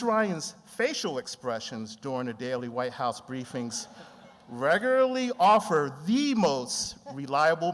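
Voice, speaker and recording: A man hosting a conference, reading a measured, formal introduction of the keynote speaker. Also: medium pitch, a little hiss or hum. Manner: measured, formal, slows for emphasis. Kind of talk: scripted introduction. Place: large conference hall. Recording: long hall reverb.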